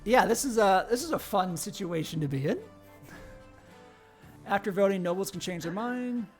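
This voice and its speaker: A man with a high, animated voice hosts a game stream at a moderate pace, with soft music behind him. He reads the story text aloud and chats with players between passages.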